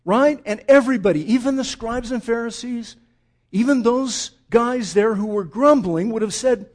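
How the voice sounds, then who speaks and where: A man's voice: high voice, big pitch swings, moderate pace, darkish tone. A male pastor preaching a sermon, speaking straight to his congregation and acting out the voices of the people in his story.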